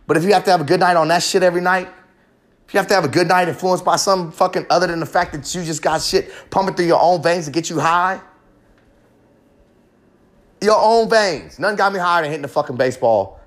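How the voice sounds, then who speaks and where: A man's voice: sits high, brisk, long pauses, fairly bright tone. A man hosting a podcast, delivering a raw, profane, rambling confessional monologue with real passion. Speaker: podcast host.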